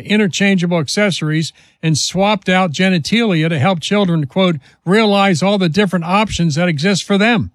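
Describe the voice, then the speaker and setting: A man's voice: high voice, no echo. A man hosting a talk radio show, commenting in an indignant, emphatic and mocking way.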